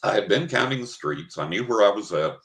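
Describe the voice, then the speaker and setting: Brief: older man from West Texas, very low voice, dramatic interview storyteller, echoey room. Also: expressive, fairly quick, fairly bright tone. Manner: vivid, dramatic storyteller who acts out his own thoughts. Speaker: guest. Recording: roomy, echoey recording.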